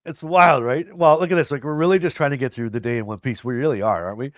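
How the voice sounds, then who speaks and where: A man's voice: medium pitch, fast talker, a bit bright, no room sound, highs cut off. A man co-hosting a live show, chatting casually and reading viewer comments aloud. He rambles, repeats himself and laughs easily. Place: live stream.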